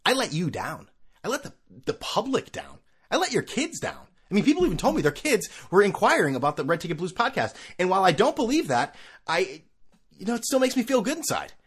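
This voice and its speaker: A man's voice: sits high, huge pitch swings, brisk, husky. A middle-aged man hosting his own podcast, rambling casually with sarcastic, self-mocking asides. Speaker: podcast host. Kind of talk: casual solo podcast rant.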